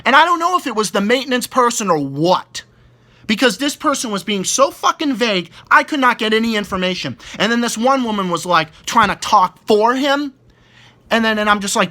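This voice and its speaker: A man's voice: high-pitched, animated, fairly quick, pushed and bright. A young man ranting about annoying people at work, exasperated, swearing heavily and stumbling over repeated words. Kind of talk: profane casual rant.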